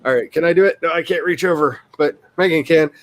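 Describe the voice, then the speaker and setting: A man's voice: on the high side, fast. A man in his forties chatting casually on a livestream, rambling along, reading his chat and laughing often. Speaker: livestream host, writer.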